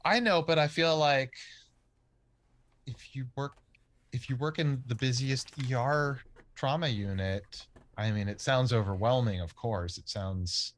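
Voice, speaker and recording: Deadpan man co-hosting a podcast. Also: medium pitch, unhurried. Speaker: podcast co-host. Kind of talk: casual chat.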